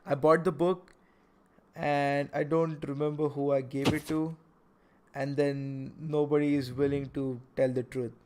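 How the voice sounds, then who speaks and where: A young man hosting a casual podcast, talking in an animated way with many stammered restarts. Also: on the high side, unhurried, a little hiss or hum. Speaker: podcast host.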